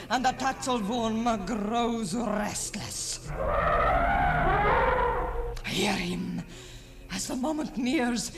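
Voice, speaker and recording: Cold proud cult priestess, high voice, slow and stately, far off mic with music. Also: male voice, exaggerated voice. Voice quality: haughty, cold. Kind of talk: radio drama acting. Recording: distant mic with music under.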